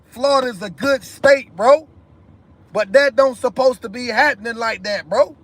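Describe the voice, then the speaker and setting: Emphatic high-voiced man on a livestream. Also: moderate pace, a bit bright. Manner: emphatic, repetitive, addresses viewers directly. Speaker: live stream host. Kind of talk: impassioned commentary monologue.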